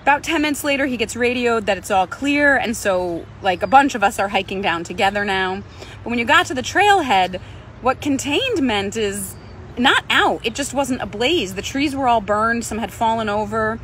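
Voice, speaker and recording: Pilates instructor, woman, higher register, conversational storyteller who voices the people in her story. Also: lively intonation, normal speed, fairly bright tone, slight background noise. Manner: conversational, acts out other people's lines. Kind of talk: personal storytelling.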